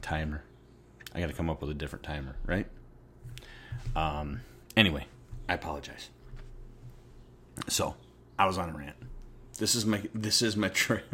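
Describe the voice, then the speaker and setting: A middle-aged man at home, talking casually to the camera in a rambling, conversational way. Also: sits low. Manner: rambling and conversational, often circles back on his point. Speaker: vlogger. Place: at his home.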